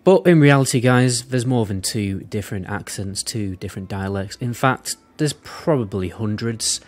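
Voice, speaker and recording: A man's voice: lowish voice, normal speed. A man with a South Cumbrian accent, explaining things in a chatty, rambling way in a casual video, with self-deprecating asides. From Windermere, northern England. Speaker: video creator.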